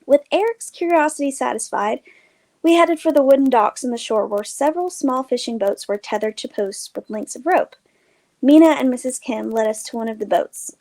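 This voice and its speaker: Woman narrating a story, light voice. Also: fairly high pitch. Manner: measured, expressive reading. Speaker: storyteller, host.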